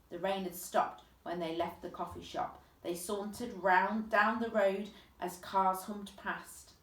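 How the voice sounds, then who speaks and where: A woman reading a children's book aloud with expressive, vivid storytelling. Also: medium pitch, unhurried, few pauses. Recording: echoey room, distant mic.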